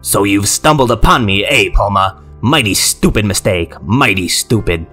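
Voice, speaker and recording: Man doing a gruff, sinister possessed general. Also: fairly low pitch, lively intonation, bright, forceful tone, soft background music. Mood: menacing. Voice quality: gruff, slow and delicate. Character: sinister male military general, possessed, coldly coaxing.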